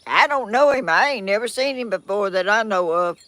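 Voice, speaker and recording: A woman's voice: medium pitch, lively intonation, fairly quick, fairly bright tone, no room sound. An older woman with a Georgia Southern accent chatting folksily on her vlog, rambling and poking fun at herself. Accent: Southern American, Georgia. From southern United States. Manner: rambling, folksy, self-deprecating. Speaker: vlogger. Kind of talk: casual chat reading viewer comments.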